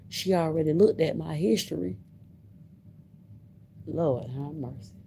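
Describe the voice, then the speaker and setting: A woman tells a story on a casual livestream. Her voice is very dark and mellow, and she speaks slowly and a little low. She circles back on her words, with a faint hum in the background. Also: vocal fry. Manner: emphatic, repeats herself, laughs between lines.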